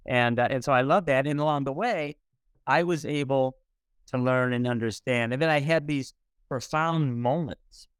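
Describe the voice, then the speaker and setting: Middle-aged guy on a podcast telling a story, earnest, smooth clear voice, dry close sound. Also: mid-range voice, moderate pace, dry recording. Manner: earnest storyteller, acts out quoted dialogue. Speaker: podcast guest. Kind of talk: conversational storytelling.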